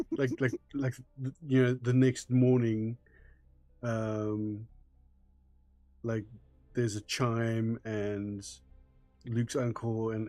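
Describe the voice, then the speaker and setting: A man's voice: mid-range voice, warm tone, dry recording. A man joking and rambling in casual chat while streaming a game. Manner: slow, rambling, joking commentary.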